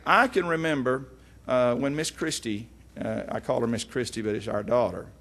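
A middle-aged man, teaching from the Bible in a folksy, animated way with frequent asides. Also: mid-range voice, normal speed, breathy edge. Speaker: preacher.

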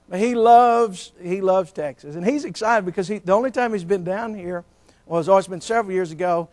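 A man's voice: high voice, fairly quick, darkish tone. A middle-aged man preaching a sermon as pastor, telling folksy jokes and stories. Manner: folksy, joking, storytelling.

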